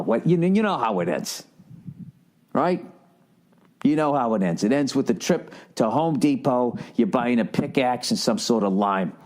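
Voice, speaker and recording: Profane, rambling middle-aged podcast host. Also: male voice, lowish voice, gravelly, darkish tone, breathy edge. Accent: Boston. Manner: profane, rambling, sarcastic riffing with put-on quote voices. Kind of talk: casual comedic monologue.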